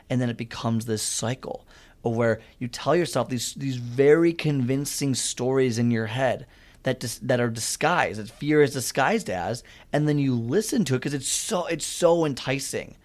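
A man's voice: mid-range voice, moderate pace. A man giving a motivational talk on fitness, speaking in an earnest, conversational storytelling way.

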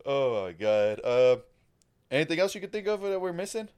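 A young man co-hosting a podcast in casual chat, joking and acting out scenes in quick bursts. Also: on the high side, sing-song, darkish tone, clear, resonant tone. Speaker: podcast co-host.

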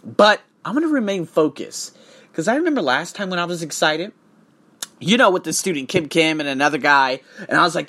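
A man's voice: on the high side, lively intonation, brisk, fairly bright tone. A man coaching for English tests, talking in a casual vlog monologue, profane and emphatic as he tells his story.

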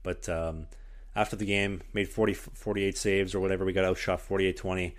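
Low-voiced man telling a story on a podcast. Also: fairly quick. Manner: animated, lots of "like" fillers, acts out quotes. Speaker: podcast host, hockey goalie. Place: one-bedroom apartment.

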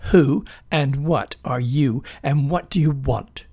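A man's voice: a little high, sing-song, slow, vocal fry, husky, heavily acted. A man voicing a stern, motherly female snail who takes charge in a storybook. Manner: stern, demanding.

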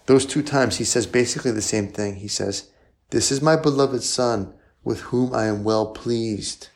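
A man's voice: mid-range voice, moderate pace. A male priest preaching in a conversational style, often asking rhetorical questions and adding "right?". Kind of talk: sermon.

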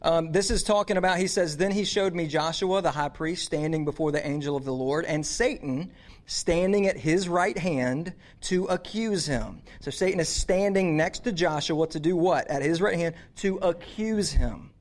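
A man's voice: a little high, normal speed. A man giving a youth sermon, casual and conversational, with frequent restarts and slang. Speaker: youth pastor.

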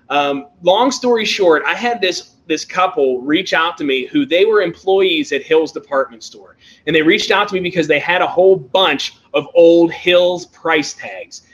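A man who hosts a toy-hunting show, chatting casually and telling excitable, animated stories with laughs. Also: on the high side. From Pennsylvania, USA. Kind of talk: casual chat.

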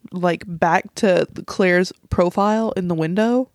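A woman's voice: on the low side, slow, dry recording, studio quality. A woman co-hosting a podcast, chatting about a film with lots of "like" and blunt opinions. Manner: chatty, frequent "like", opinionated quips. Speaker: podcast co-host. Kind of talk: casual movie recap chat.

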